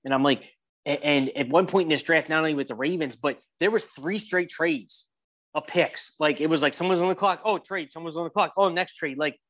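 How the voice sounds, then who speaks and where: A man co-hosting a casual sports chat, talking in animated bursts with plenty of fillers. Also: a little high. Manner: animated, quick bursts of excitement, many fillers. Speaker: podcast co-host.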